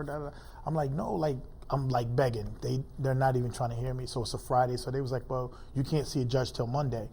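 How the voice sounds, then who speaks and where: A man as an interview guest, telling a painful personal story in halting, informal speech full of fillers. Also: mid-range voice, fairly even intonation, warm tone, a little hiss or hum.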